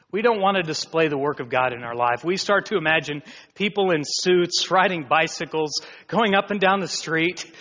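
A man preaches with a bright, forceful, fairly high voice, swinging from near whispers to loud exclamations. He takes his time and lets words hang. The recording is dull and carries a long hall echo. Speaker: pastor. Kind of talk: sermon.

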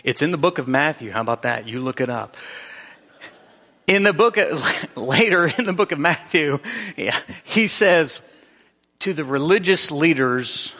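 A man's voice: on the high side, animated, measured pace, pauses often, bright, forceful tone, in a large hall. A man preaching a sermon in a conversational way, often restarting his sentences. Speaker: pastor.

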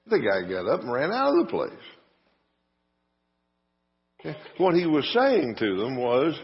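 A male pastor preaching in a church, telling the story casually with little jokes tucked in. His pitch rises and falls a lot, and the sound is slightly dull, with a long reverb from the hall. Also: wildly swooping pitch, measured pace, pauses often, slightly rough. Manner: folksy storytelling with asides and dry humor. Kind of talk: sermon. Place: church sanctuary.

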